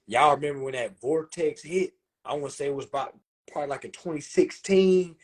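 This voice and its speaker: A young man with a Southern accent tells a rambling story straight to his viewers over a phone live stream. His voice is husky and sits a little high, and it jumps up and down as he gets worked up. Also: normal speed. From South Carolina. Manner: animated, profane, talks to viewers as y'all. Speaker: livestream host. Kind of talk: casual storytelling on a livestream.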